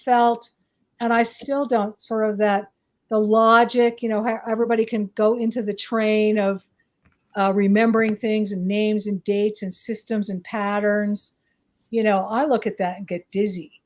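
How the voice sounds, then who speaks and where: A woman from the northeastern United States, a psychic guest, talks casually at normal speed in a medium-pitched, darkish voice with little pitch movement. Her speech is rambling and hesitant, thick with fillers.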